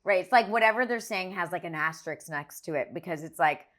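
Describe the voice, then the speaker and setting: A woman hosting a podcast interview, chiming in with affirmations and quick laughs. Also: lowish voice, a bit bright. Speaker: podcast host. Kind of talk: conversational interview.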